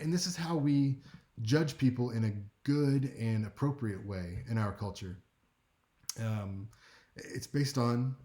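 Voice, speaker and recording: A man teaching a speech class in a relaxed, conversational lecture, with wry asides and frequent check-ins with his listeners. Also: mid-range voice. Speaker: speech instructor.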